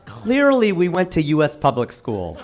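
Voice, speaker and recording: Lively American stand-up comedian. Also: male voice, fairly high pitch, normal speed, loud music behind the voice. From Cincinnati, Ohio, USA. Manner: animated, rising to excited punchlines. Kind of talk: stand-up set. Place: comedy stage before a live audience.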